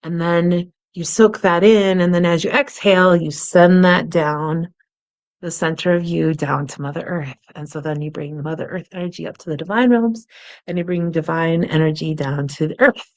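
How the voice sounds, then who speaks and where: Soft-spoken woman guiding a meditation. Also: fairly low pitch, normal speed. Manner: calm, gentle, often softly spoken. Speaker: meditation and wellness instructor. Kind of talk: guided meditation instruction.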